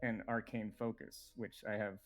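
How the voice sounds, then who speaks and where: A man playing in a tabletop game session, thinking aloud in a relaxed way and chuckling often. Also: on the low side, normal speed. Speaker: player. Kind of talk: casual tabletop game chat.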